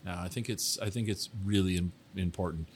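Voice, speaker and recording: A man's voice: low-pitched, steady tone, a little fast, a little hiss or hum. A man hosting a casual interview podcast. He teases his guest and often restarts his sentences. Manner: rambling, restarts sentences, teasing. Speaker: podcast host.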